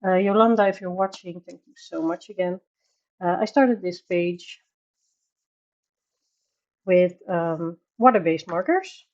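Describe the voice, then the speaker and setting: A woman's voice: lowish voice, measured pace, long pauses, darkish tone, lo-fi sound. A woman with a Dutch accent hosting a casual coloring livestream from her bedroom, chatting, laughing often and greeting viewers by name. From Netherlands. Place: home bedroom.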